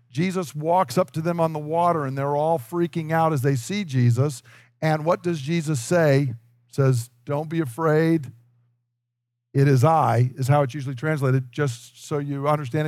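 A man's voice: on the high side, no room sound, studio quality. A man preaching a sermon in a conversational storytelling way, acting out the voices he quotes. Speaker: pastor.

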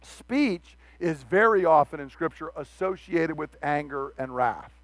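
A man preaching a sermon, animated, acting out the quoted speech of the figures he reads about. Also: on the high side, a little slow, no echo.

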